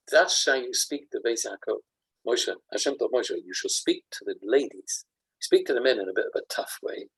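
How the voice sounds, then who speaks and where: A rabbi teaches a Torah lesson in a slightly husky voice. His intonation swings widely and playfully, and he breaks into mini performances to make his points. He talks to his class in an animated, joking way. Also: on the low side, rough recording. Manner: animated, jokey, acts out examples.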